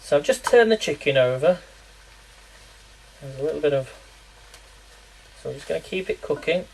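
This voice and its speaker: Cooking live for an online audience, a man from England talks in a fairly high, animated voice at a normal speed, with vocal fry. He rambles, laughs often, and keeps posing small word quizzes, while the poor audio carries a faint hiss or hum.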